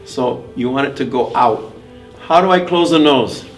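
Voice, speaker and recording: An older man giving a vocal workshop, demonstrating his technique by switching between nasal and clear tones. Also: mid-range voice, normal speed, soft background music. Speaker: mariachi vocal instructor. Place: school room during workshop. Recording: distant mic with faint room noise.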